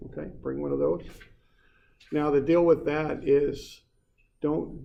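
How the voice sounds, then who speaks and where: A man's voice: mid-range voice, creaky, highs cut off, slight background noise. A man teaching an engineering class in an informal way, often repeating words and putting questions to the students. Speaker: engineering instructor. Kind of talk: classroom lecture.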